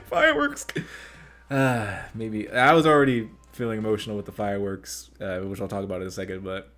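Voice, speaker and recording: A man hosting an anime reaction video, talking in a rambling, excitable way with many restarts. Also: lowish voice. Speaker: reaction channel host. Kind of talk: casual anime reaction commentary. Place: home room lit by reaction lamps.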